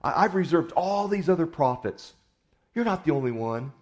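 A man's voice: fairly high pitch, expressive, moderate pace, a little mellow, voice pushed up, natural voice. A man preaching a sermon who voices God as a firm, fatherly figure, speaking plainly and matter-of-factly.

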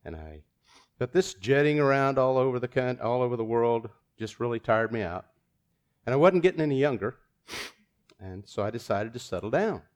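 A man's voice: mid-range voice, natural voice. A man voicing a boastful retired talking dog who spins tall tales in a matter-of-fact telling. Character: boastful retired male spy dog, tall-tale teller.

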